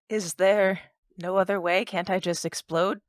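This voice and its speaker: A woman's voice: on the low side, takes it slowly, no room sound. A woman playing a tabletop game who reacts with feeling and laughs often. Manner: emotional, expressive, laughing often. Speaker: player. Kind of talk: tabletop role-play.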